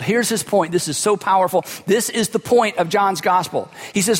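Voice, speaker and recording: A man's voice: sits high, normal speed, hardly any pauses, breathy edge. A man preaching a sermon as a pastor, telling stories in a conversational way with humorous asides. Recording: long hall reverb.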